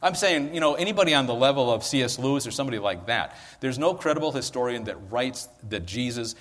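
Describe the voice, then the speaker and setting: A man's voice: mid-range voice, animated, fast, fairly bright tone. Man preaching in a reverberant hall. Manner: chatty, asks listeners "right?". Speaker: pastor. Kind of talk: conversational sermon. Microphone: handheld or stand mic.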